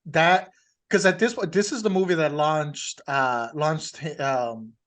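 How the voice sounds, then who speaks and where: Male podcast co-host, higher-pitched, relaxed storyteller, casual chat. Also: takes it slowly. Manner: relaxed storytelling, laughs often.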